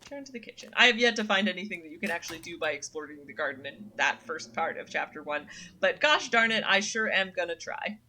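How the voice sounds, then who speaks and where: A young woman with a voice on the low side speaks fast and expressively, her tone sharp. Streaming a story game, she chats informally, filling gaps with um and uh, and reads the narration aloud in second person as part of her let's-play commentary.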